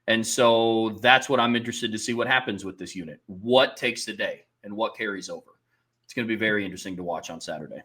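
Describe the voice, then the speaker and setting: A man co-hosting a sports podcast thinks aloud, weighing both sides of the question in casual talk. His voice sits a little low but has a bright, forward edge, and his speech is full of small restarts. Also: quick pace, husky. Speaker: podcast co-host.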